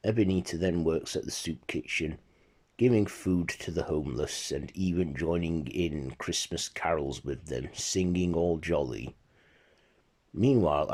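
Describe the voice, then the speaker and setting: A man narrating a retold holiday ghost story in a plain, relaxed storytelling manner. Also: sits low, slightly rough.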